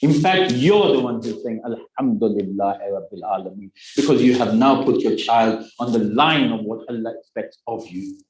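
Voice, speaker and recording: A man's voice: medium pitch, animated, normal speed, hardly any pauses, a little mellow, echoey room, poor audio. A man in his sixties giving a Muharram sermon, telling a story, acting out its dialogue and adding joking asides to the audience. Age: 60s. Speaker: religious speaker.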